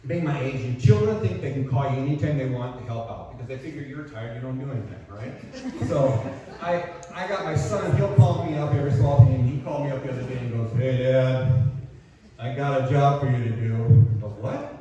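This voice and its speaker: A man's voice: mid-range voice, expressive, fast talker, mellow. Older man doing stand-up comedy. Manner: self-deprecating, punchline delivery. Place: small coffee house stage. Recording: echoey, distant, dull, noisy room recording. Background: audience laughter and room ambience.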